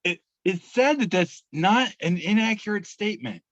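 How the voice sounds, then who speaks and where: A man's voice: high-pitched, animated, a bit bright, no echo. A man co-hosting a casual podcast, reading memes aloud with lots of fillers and restarts. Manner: halting, many fillers and restarts. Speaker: podcast co-host. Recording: dry, slightly muffled podcast audio.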